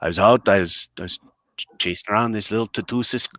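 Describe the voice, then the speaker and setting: This podcast guest has a lowish voice, pushed and bright, and talks fast. He's boisterous and blunt, swearing a lot while telling crude, self-mocking comic stories and doing voices for the characters, with no echo in the recording.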